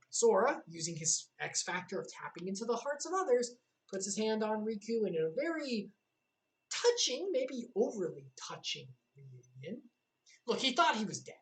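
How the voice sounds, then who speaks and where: Young woman streamer, casual game recap, quick jokey asides, mid-pitched voice. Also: rough recording. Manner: joking, sarcastic asides.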